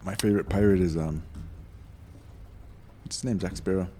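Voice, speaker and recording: A man's voice: deep voice, steady tone, moderate pace, mellow, slight background noise. A man co-hosting a podcast in casual chat, trading corny dad jokes. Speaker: podcast co-host.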